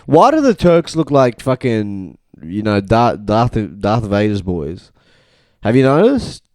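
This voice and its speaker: Smooth-voiced young man chatting. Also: on the low side, sing-song, slow pace, darkish tone, dry recording, studio quality. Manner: laughs often, rambling and musing aloud. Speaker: podcast co-host. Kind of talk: casual banter.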